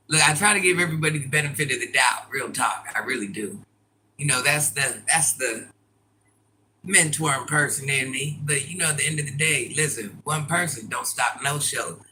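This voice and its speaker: A man's voice: mid-range voice, sharp tone, slight background noise, low-quality recording. A man chatting on a casual livestream, blunt and preachy with plenty of slang, speaking as a peer support specialist.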